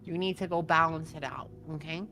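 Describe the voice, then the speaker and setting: A woman's voice: low voice, fairly quick, bright, forceful tone, soft background music. A woman co-streaming a game, casually chatting and mock-scolding the chat with playful swearing. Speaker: co-op streaming guest.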